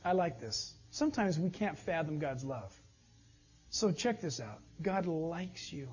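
A man preaching a sermon, his pitch leaping all over as he acts out small back-and-forth exchanges. His voice is high and a bit husky. The sound is dull and lo-fi. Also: unhurried. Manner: animated preaching, acts out little dialogues. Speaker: pastor.

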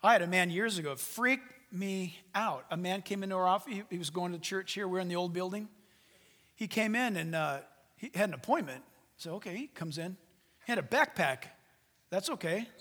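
High bright-voiced male pastor preaching. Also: fairly quick. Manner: storytelling with humor, shifts from loud preaching to hushed asides. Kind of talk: sermon. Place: church sanctuary stage. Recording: long hall reverb.

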